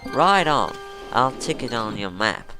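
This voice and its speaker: A man's voice: mid-range voice, sing-song, unhurried. Casting: a man doing a slick Southern informant, wheedling salesman patter, mid-range voice, light music bed. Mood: friendly. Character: sly male tipster selling secrets.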